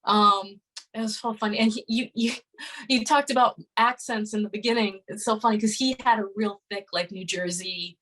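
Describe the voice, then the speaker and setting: A woman's voice: medium pitch, steady tone, moderate pace, a bit bright, rough recording. A woman in her thirties speaking as a podcast guest, telling a story casually and earnestly, with many fillers and restarts. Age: 30s.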